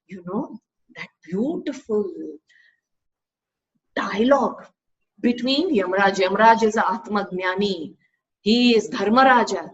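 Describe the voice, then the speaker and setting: Indian woman teacher, light higher voice. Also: unhurried, muffled recording. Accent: Indian English. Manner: conversational, rhetorical tag questions. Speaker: spiritual teacher. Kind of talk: Vedanta scripture talk.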